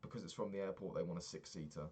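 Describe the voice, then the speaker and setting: A man's voice: low-pitched, fairly even intonation, rapid-fire, darkish tone, slightly rough. A man in his twenties recapping a trip in a rambling, sweary, casual monologue, often laughing at his own stories. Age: 20s. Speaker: vlogger.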